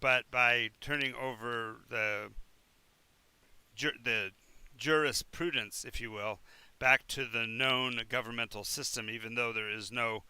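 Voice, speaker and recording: A man playing a smooth-talking evasive town official. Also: mid-range voice, fairly even intonation, measured pace, bright, forceful tone, dry recording. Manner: rambling, filler-heavy, falsely cheerful.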